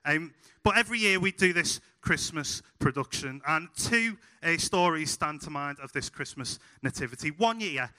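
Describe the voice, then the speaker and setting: A young man with a Scouse accent from Liverpool, preaching a sermon told through funny, animated stories. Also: fairly high pitch, moderate pace. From Liverpool, England. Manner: humorous, animated anecdotes. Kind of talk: sermon with storytelling. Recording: hall reverb.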